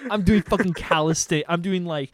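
A young man casually telling crude stories on a podcast, animated and profane. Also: high voice, brisk, a little hiss or hum. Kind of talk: casual storytelling chat.

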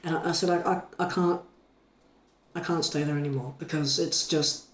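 A man retelling a story in a casual chat, animated and full of restarts. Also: a little high, moderate pace, a little hiss or hum. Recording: echoey room.

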